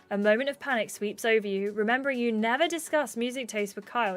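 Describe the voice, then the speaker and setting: A woman's voice: medium pitch, fast talker, few pauses, faint music behind. A woman streamer reading a dating game aloud, voicing its characters and chatting with viewers. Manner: reads narration and dialogue aloud, chatting with viewers. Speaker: gaming streamer.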